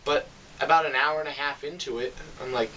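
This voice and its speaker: A man giving a casual film review, exasperated and sarcastic, acting out reactions with sudden jumps in pitch. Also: fairly even intonation, brisk, recorded from a distance, lo-fi sound, background noise. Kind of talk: casual movie review rant.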